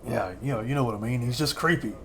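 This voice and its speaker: A man's voice: medium pitch, fast, a little hiss or hum. A man in his thirties rambling through a casual film commentary as a channel host, chuckling often between remarks.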